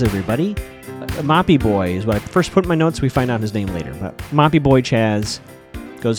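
A man's voice: medium pitch, lively intonation, a little fast, soft background music. A man hosting a podcast, casually recapping a TV episode with chatty, wry asides.

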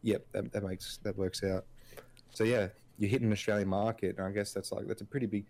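Rambling low-voiced man chatting. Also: little pitch movement, brisk, a little mellow. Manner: rambling, full of filler words and restarts. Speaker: podcast co-host. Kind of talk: casual chat.

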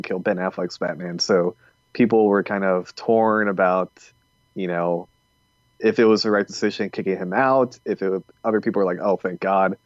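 A man with a lowish voice co-hosting a casual podcast, rambling and sarcastic. The sound is dull and lo-fi. It is also dry, with no sense of a room around him. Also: dry recording. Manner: rambling and sarcastic, many fillers. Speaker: podcast co-host.

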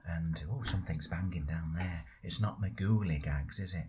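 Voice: deep voice, moderate pace, mellow, pitched below the performer's own voice, natural voice. A performer voicing a grumbling old man who half-whispers and leans on certain words. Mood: musing.

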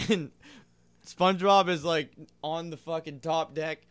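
A man with a slightly high voice tells a story in crude, profanity-laced banter. He cuts in on the others and keeps his story running over theirs. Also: unhurried, a bit bright, clear, resonant tone. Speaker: podcast co-host.

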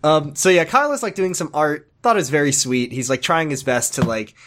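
A man's voice: fairly high pitch, a little fast. Guy on a podcast recapping a show, rambly, keeps restarting, swears a lot, gets worked up. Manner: rambling, profane, excitable with frequent restarts. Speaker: podcast co-host. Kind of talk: casual recap chat.

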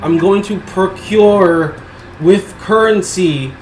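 Man, game player, excitable, loud, echoey room. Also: high-pitched, takes it slowly, far from the mic. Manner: excitable, loud, often laughing. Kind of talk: tabletop game role-play. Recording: roomy room with faint noise.

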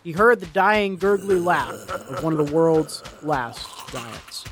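A man reading a dark fantasy story aloud in a dramatic, expressive storytelling voice. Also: fairly high pitch, slow pace, crowd noise. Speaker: narrator. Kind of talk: storybook narration.

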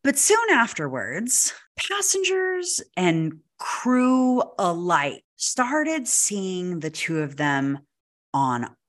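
A woman's voice: lowish voice, drawn-out words. A woman co-hosting a podcast, telling a ghost story in casual chat with lots of "like" and acted-out quotes. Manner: animated, lots of "like", acts out quotes. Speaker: podcast co-host.

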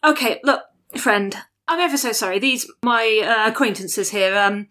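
A woman's voice: on the high side, moderate pace, sharp tone. A woman voicing an overly polite, apologetic adventurer in a tabletop game, with a genteel, fussy manner.

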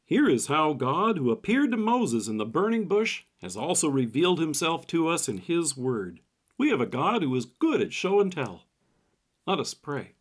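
Lively-voiced man giving a devotional. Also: a little high. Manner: measured, slows for scripture readings. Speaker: pastor. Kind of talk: devotional sermon.

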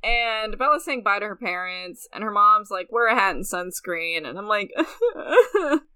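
A woman's voice: medium pitch, sing-song, bright, forceful tone, clean tone. A woman co-hosting a podcast, recapping a movie and acting out characters' lines between laughs. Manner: laughing, acts out lines in quick impressions. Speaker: podcast co-host. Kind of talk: casual movie recap chat.

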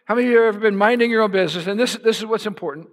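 A male pastor preaching a sermon with passion, building to shouts for emphasis. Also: sits high, rapid-fire. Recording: long hall reverb.

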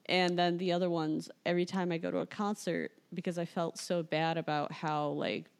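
A woman's voice: lowish voice, flat delivery, moderate pace, smooth. A young adult woman hosting a casual podcast chat, talking chattily with lots of "like". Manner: chatty, filler-heavy with frequent "like". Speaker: podcast host.

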